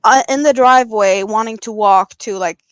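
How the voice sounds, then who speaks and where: A woman's voice: a little high, normal speed, no room sound. A woman in casual chat, recounting something she saw in a rambling way, full of "like". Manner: rambling, many "like" fillers.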